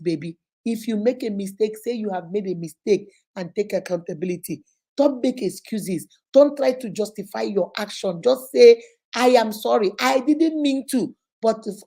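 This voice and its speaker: A woman's voice: mid-range voice, warm tone. A woman hosting a casual live stream, giving emphatic marriage advice and greeting viewers by name. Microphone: phone.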